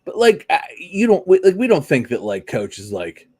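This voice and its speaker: A man's voice: fairly high pitch, moderate pace, crowd noise. A man from the Pittsburgh area hosting a wrestling podcast, talking in a loose, profane, filler-heavy chat. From Pittsburgh area, USA. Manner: animated, swearing, lots of fillers.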